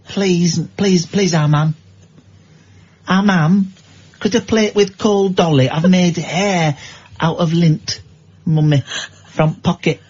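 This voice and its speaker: A small mill child from the North of England whines and begs his mam, voice pitched high and a little husky, as a male radio host puts him on. The sound is slightly dull, like a broadcast studio feed. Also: a little mellow. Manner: whiny, repetitive begging. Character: poor nine-year-old Northern mill child, pleading.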